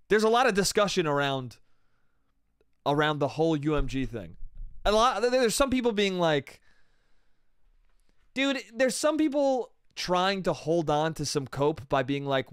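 A man's voice: on the high side, lively intonation, moderate pace, smooth, no room sound, studio quality. A man hosting a solo comedy podcast, rambling crudely and saying "dude" and "bro" constantly. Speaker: podcast host.

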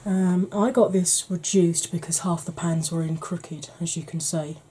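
A woman chatting casually as a beauty vlogger, easygoing and quick to laugh, with the odd mild swear. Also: lowish voice, fairly even intonation, mellow, slight background noise. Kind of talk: casual makeup declutter chat.

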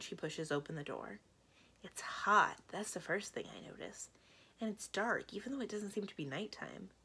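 A woman librarian reading a children's chapter book aloud with steady storytelling. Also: low-pitched, vocal fry, breathy edge.

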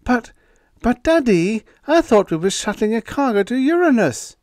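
A man reading an audiobook voicing an excitable young woman, the captain's daughter, squealing and breathless. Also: very high-pitched, normal speed, dry recording, studio quality, voice pushed up. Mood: excited.

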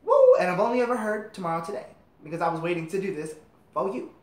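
A woman hosting a casual album reaction, chatty and excitable, talking straight to her viewers from home. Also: lowish voice, quick pace. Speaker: reaction video host. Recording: roomy with faint music behind.

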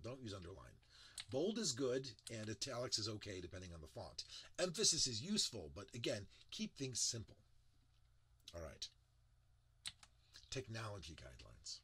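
A middle-aged man teaching presentation design in a lively lecture, acting out quotes in big voices. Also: mid-range voice, breathy edge. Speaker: presentation instructor.

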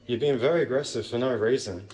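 A man's voice: medium pitch, fast talker, darkish tone, low-quality recording. A man filming himself in a bank lobby on his phone, arguing indignantly and repeating himself. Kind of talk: confrontational street filming. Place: bank branch lobby, indoors.

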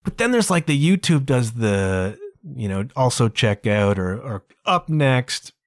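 Male podcast host, solo chat, lively pitch swings, dry close sound. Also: unhurried, no echo. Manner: chatty, animated, full of asides like "man" and "you know". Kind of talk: casual solo podcast monologue.

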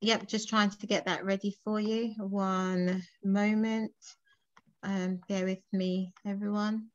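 Flat-voiced woman on dull lo-fi audio. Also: medium pitch, slow. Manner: apologetic while setting up a video. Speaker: church member reading tributes.

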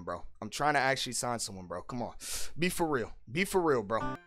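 A young man streaming as he rates viewers' songs, swinging from hyped yelling to low mock-serious muttering. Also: expressive, fairly quick. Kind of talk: loud reaction commentary.

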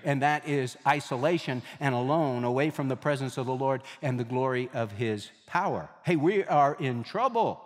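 A middle-aged man preaching a sermon as a pastor, emphatic, slowing and dropping low on key words and repeating phrases for emphasis. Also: long reverb tail.

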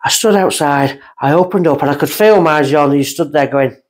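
A middle-aged woman, a guest medium telling stories in casual chat, animated and acting out voices as she goes. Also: sits low, moderate pace.

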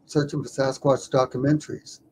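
A man who is a documentary filmmaker, telling a story in an interview with lively stammers and repeated words. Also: mid-range voice, brisk, slight background noise.

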